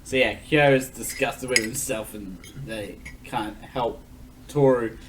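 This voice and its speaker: A man recapping an anime in casual banter, animated and teasing and quick to laugh. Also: medium pitch, far from the mic, noisy background. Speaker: co-host.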